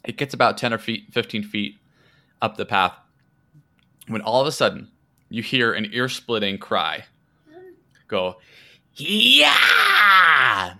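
A man's voice: lowish voice, normal speed, long pauses, bright, forceful tone. A man narrating as game master, hesitant and full of filler words. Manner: hesitant, full of ums and likes.

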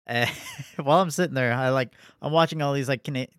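A man's voice: mid-range voice, brisk, a bit bright, clear, resonant tone, no echo, studio quality. A young man co-hosting a podcast, telling rambling, profanity-filled stories in casual chat. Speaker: podcast co-host.

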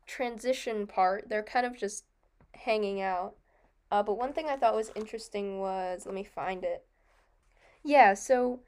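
A young woman co-hosting a casual book discussion, chatty and quick to laugh, often restarting and correcting herself. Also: mid-range voice, darkish tone. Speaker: podcast co-host.

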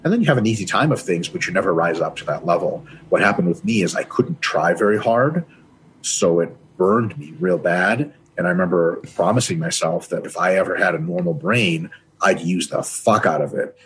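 Man, low voice, profane and emphatic, podcast guest, faint ambient noise. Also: expressive, fairly quick, fairly bright tone. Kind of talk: casual podcast interview.

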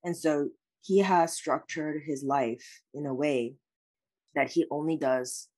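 A woman's voice: sits low, steady tone, takes it slowly, a little mellow. Earnest woman guest, full of "like"s. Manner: earnest, uses many "like" fillers. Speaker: life coach and lawyer, guest. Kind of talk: reflective conversational interview answers.

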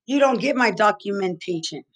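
A woman's voice: medium pitch, animated, fairly quick, fairly bright tone. A woman from Texas delivering an angry, rambling monologue full of repeated accusations and profanity. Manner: agitated, accusatory, repetitive, profane.

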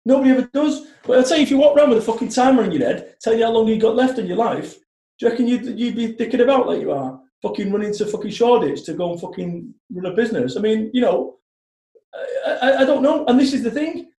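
Bloke in his 40s, high but mellow voice, swears a lot, blunt, echoey room. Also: fast. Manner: blunt, sweary, animated storytelling. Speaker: motivational speaker. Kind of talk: podcast conversation.

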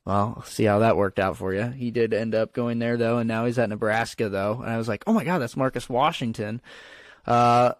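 Here a man co-hosting a podcast rambles about football in a casual chat, with many fillers and restarts. He speaks at a medium pitch on a dry recording.

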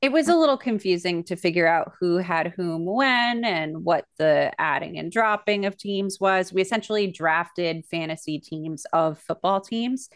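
A young woman co-hosting a podcast, talking in a rambling, gushing way full of fillers. Her voice sits a little low for a woman. The microphone sound is close and dry. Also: expressive, normal speed, few pauses, clean tone, no echo. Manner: chatty, gushing, lots of fillers. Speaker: podcast co-host. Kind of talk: casual chat.

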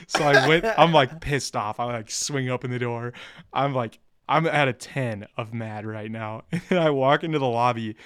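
A man's voice: medium pitch, measured pace, fairly bright tone, no room sound, clean studio sound. A young man, co-host of a podcast, telling a rowdy story in casual chat, swearing and laughing as he goes.

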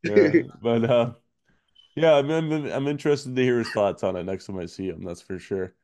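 A man hosting a podcast, talking in a laid-back, rambling way with fillers and soft laughs. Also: medium pitch, moderate pace, no echo. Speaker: podcast host. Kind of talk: casual chat.

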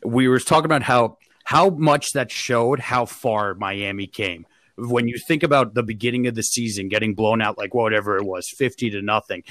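A man's voice: medium pitch, a bit bright, no echo. A young man hosting a casual sports podcast, slangy and laid-back, often laughing. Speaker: podcast host.

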